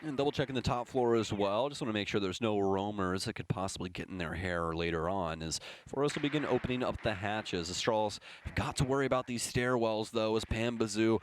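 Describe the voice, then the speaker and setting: A young man commentating an esports match, mixing analysis with excited play-by-play. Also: on the low side, fairly quick, slight background noise. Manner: excitable on big plays, playful banter. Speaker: esports caster.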